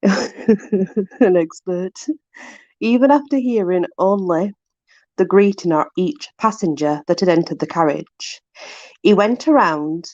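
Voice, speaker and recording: A woman's voice: on the low side, a little mellow, no echo, dull audio. A woman casually reading aloud from a book to her viewers, amused and puzzled, laughing often. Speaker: vlogger.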